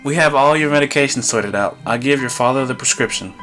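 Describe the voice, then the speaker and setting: A man voicing a calm middle-aged male hospital doctor who explains things in a measured, reassuring way. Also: medium pitch, music in the background, close to an everyday voice.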